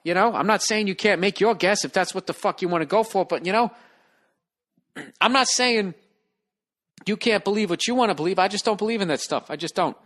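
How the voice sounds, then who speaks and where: Male podcast host, slightly high voice, exasperated profane comic rant. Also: fairly quick, fairly bright tone. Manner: profane, exasperated, reading a listener email.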